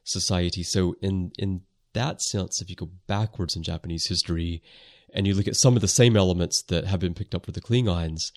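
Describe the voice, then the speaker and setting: Male podcast host, very low voice, thoughtful and descriptive. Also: brisk. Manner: thoughtful, descriptive, uses filler words. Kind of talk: casual chat.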